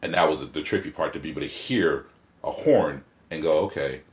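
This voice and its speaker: A man, a guest poet, chatting in an interview and telling animated stories, acting out rhythms and quoting lines as he talks. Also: very deep voice, brisk. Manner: animated storyteller who acts out rhythms and quotes. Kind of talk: casual interview chat. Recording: roomy echo.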